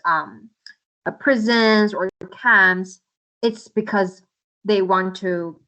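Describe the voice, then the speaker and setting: A woman's voice: mid-range voice, fairly bright tone, dull audio. A woman answering interview questions in an earnest, impassioned way, often restarting her sentences. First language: Uyghur. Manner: impassioned, with many restarts and fillers. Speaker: interview guest.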